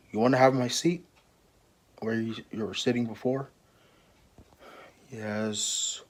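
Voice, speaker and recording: A man's voice: mid-range voice, steady tone, takes it slowly, long pauses. A man improvising role-play voices for game characters, stammering and repeating his words. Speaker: player voicing game characters.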